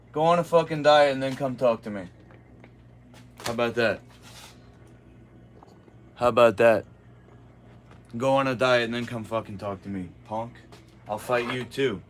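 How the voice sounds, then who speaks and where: A man's voice: mid-range voice, a bit bright. Fighter streaming from his kitchen who trash-talks his chat, brash and combative, with faint background hum. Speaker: martial arts streamer. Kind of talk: livestream talking back to chat. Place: home kitchen.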